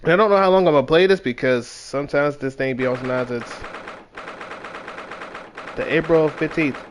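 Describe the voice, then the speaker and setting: A man's voice: on the high side, normal speed. A man streaming a game, chatting casually in a laid-back, slangy way, tired and yawning.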